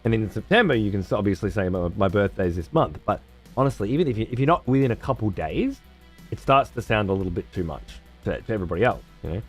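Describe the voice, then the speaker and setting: A man's voice: lowish voice, lively intonation, fast, husky, soft background music. A man hosting a livestream from his room at home, chatting casually with viewers in profane, sarcastic banter. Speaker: livestream host.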